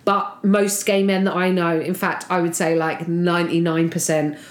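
A young woman, a comedian, telling a story in casual chat, animated and acting out the people in it. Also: lowish voice, moderate pace. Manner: animated, acts out quoted voices. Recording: roomy echo.

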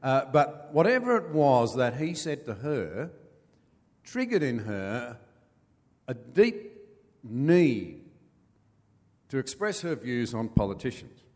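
An older man with an Australian accent, a former politician telling folksy stories as an interview guest, pausing with many fillers. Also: mid-range voice, very animated, a little mellow, in a large hall. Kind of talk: anecdotal storytelling.

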